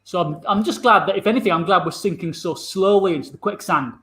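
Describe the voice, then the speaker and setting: A man's voice: high voice, quick pace, sharp tone. A man doing improvised comedy, bantering in an exasperated, sweary way. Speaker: improv performer. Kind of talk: improvised comedy over video call.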